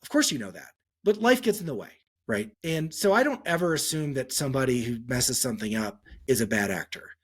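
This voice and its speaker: Animated man telling stories on a podcast. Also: a little fast, breathy edge. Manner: animated storytelling, acts out quotes with pitch jumps. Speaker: psychologist guest. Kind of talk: podcast interview answer.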